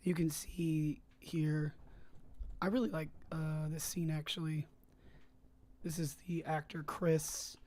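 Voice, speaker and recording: Casual streamer, flat even delivery, rambling with lots of fillers, cough drop in mouth. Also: mid-range voice, slow, a little hiss or hum. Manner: rambling, hesitant, many fillers and restarts. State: talking around a cough drop. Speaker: livestreamer and fan filmmaker. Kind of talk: casual livestream chat while editing. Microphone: desk microphone, tested on stream.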